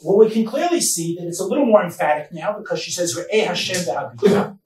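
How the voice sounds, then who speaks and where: A rabbi giving a Bible lecture at a conference, emphatic, with loud stresses and quiet asides. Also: male voice, sits high, very animated, fast talker. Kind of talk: Torah lecture. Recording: echoey hall, distant mic, faint noise.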